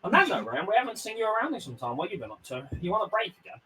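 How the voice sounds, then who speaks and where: A man's voice: sits high, very animated, rapid-fire, sharp tone, low-quality recording. A man with a Birmingham accent hosting a casual podcast chat at home, rambling with many fillers and restarts. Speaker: podcast host. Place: home room shared with partner. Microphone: desk podcast mic.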